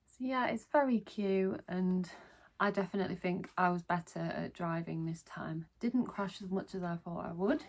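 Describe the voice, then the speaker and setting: A woman's voice: fairly low pitch, a little slow, vocal fry. A woman chatting casually in a haul vlog, gushing enthusiastically over each item she shows. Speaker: vlogger. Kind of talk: casual haul video chat.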